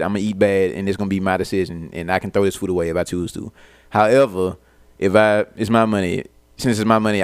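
A man speaks in a deep voice, picking his words with care in casual podcast talk. The sound is close and dry, with no room around it. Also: clean tone, no echo. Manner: deliberate, measured talk with profanity. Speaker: podcast co-host. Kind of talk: casual chat.

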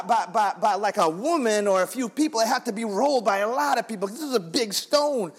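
A male guest preacher giving an animated, dramatic storytelling sermon on a handheld microphone, calling out to his congregation, with a husky voice. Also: very high-pitched, fairly quick. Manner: animated, emotive, calls on the congregation. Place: church sanctuary. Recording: long reverb in a large church hall.

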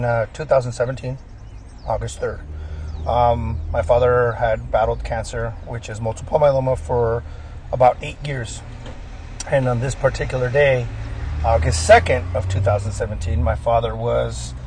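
A man's voice: medium pitch, darkish tone. Man telling a story, cursing, repeats himself. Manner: swears often, repeats words, says bro. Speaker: podcast guest telling a personal story. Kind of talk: casual emotional storytelling. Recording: faint background noise.

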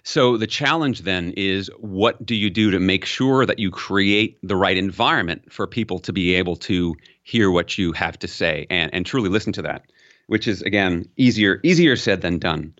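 A man's voice: moderate pace, a bit bright, dull audio. A man being interviewed as a communication expert, explaining with examples and lifting his voice for emphasis. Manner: explanatory, uses examples, rises in pitch for emphasis. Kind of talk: interview conversation.

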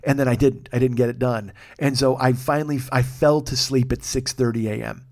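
Fast-talking profane male podcast host. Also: mid-range voice, fairly even intonation, a little mellow. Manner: profane, self-deprecating, rambling. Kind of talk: casual storytelling monologue. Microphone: studio microphone.

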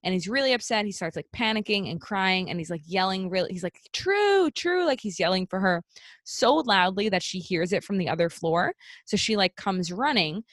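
A woman's voice: mid-range voice, a little fast, a bit bright, no echo, studio quality. A young woman co-hosting a podcast, recapping a show in casual, sarcastic chat with many fillers.

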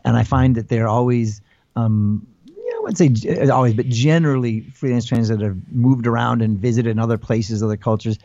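An American man in his forties, rambling through his answers with restarts and fillers. His voice is dark and mellow. The sound is dry and slightly dull, as if over a remote call. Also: medium pitch, normal speed, dry recording. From United States. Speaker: guest. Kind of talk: casual interview talk.

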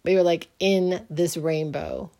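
A woman's voice: lowish voice, steady tone, unhurried, mellow. A middle-aged woman hosting a podcast, telling a personal story in a rambling, earnest, reflective way. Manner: rambling, earnest, often restarts; faith-minded, reflective. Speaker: podcast host.

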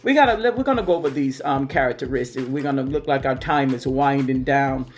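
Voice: medium pitch, brisk, faint music behind. A podcast host who reacts often and speaks to wrap up the segment. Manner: reactive, interjects "wow". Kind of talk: podcast hosting.

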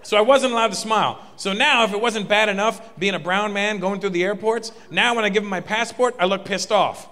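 Stand-up comedian, male, from Canada: bright and punchy, recorded live in a reverberant hall. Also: high-pitched, fairly quick, few pauses, slight background noise. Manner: animated storytelling, punchy exaggerated delivery. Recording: live hall with audience laughter.

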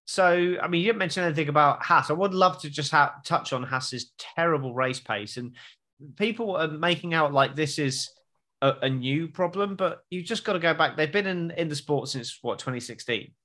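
Relaxed man with a slightly high voice. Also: normal speed. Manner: relaxed, conversational, some hesitations. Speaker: podcast co-host. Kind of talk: casual chat.

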